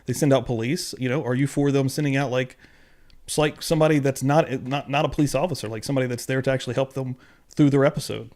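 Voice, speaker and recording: A man's voice: medium pitch, fairly even intonation, fast talker, a little mellow. A man hosting a live-streamed podcast, chatting loosely and eagerly thanking viewers in the chat. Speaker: podcast host.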